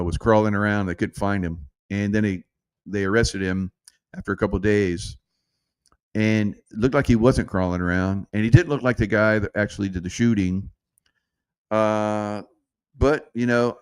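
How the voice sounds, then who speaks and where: A man's voice: on the low side, smooth. A man hosting his own show with casual, rambling commentary, laughing often and drifting off point. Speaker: show host.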